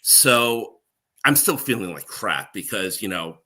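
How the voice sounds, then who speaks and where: Bright-voiced middle-aged man telling stories. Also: on the low side, measured pace. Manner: animated, laughs often. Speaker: guest, former NBC page. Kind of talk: casual storytelling.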